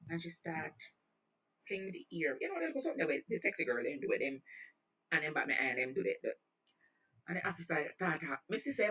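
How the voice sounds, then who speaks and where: Animated Jamaican woman telling a story. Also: on the low side, fast. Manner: animated, mixes patois with standard speech. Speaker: host. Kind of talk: casual storytelling. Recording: distant, dull lo-fi sound.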